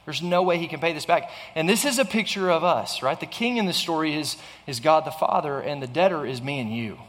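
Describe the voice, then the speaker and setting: A man's voice: on the high side, expressive, brisk, a bit bright, long reverb tail. A man preaching a sermon in an earnest way, often restarting phrases and asking the listeners rhetorical questions. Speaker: pastor.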